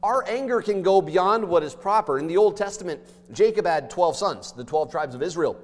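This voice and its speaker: A male pastor with a fairly high voice preaches an emphatic sermon, moving from forceful stresses to hushed asides and back at a normal speed. He is expressive, and a long reverb tail carries his voice through the church hall.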